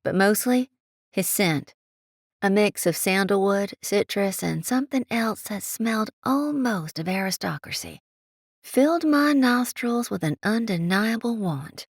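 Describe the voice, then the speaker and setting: A woman's voice: mid-range voice, lively intonation, measured pace, husky, no room sound, studio quality. A woman narrating an audiobook in the first person, in an intimate, admiring manner.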